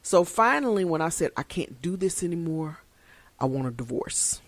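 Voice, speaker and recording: A woman's voice: on the low side, expressive, normal speed, no echo. A woman giving an earnest personal testimony on a podcast, growing emphatic as she tells it. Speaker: guest sharing her story.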